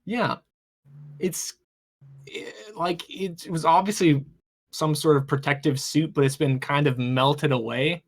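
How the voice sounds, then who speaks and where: Game master narrating a tabletop game, stop-start delivery. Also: mid-range voice. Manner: rambling, halting, many restarts.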